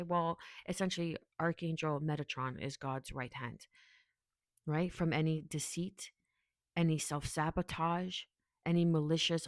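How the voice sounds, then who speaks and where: A woman's voice: deep voice, no room sound. A woman casually giving a tarot reading, rambling and chatty as she talks straight to the viewer. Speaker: tarot reader.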